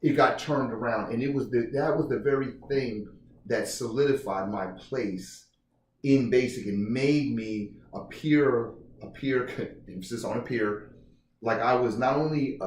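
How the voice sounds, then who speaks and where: A man being interviewed about his book, telling stories in a lively, halting way and acting out what others said. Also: medium pitch, a little hiss or hum. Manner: animated, restarts often, acts out quotes. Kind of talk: casual interview storytelling. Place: indoor room. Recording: roomy, distant mic, faint ambience.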